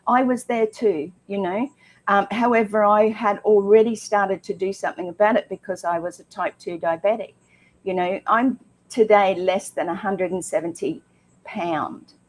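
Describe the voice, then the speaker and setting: A woman's voice: mid-range voice, fairly even intonation, moderate pace. A woman co-hosting a casual health talk show, chatty and emphatic with frequent ums. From Australia.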